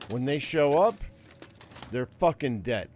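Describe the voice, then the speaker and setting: Faint music plays behind a gamer whose medium-pitched, slightly mellow voice is very animated yet a little slow. His casual let's play talk is full of profanity and repeated words as he grumbles about his anger.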